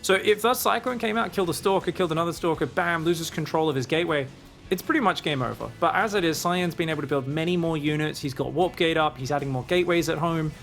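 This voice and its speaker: A man casting a live esports match, giving energetic play-by-play and often adding "right?" to his points. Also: on the high side, creaky, soft background music. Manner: energetic, rapid, with tag questions. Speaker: esports caster.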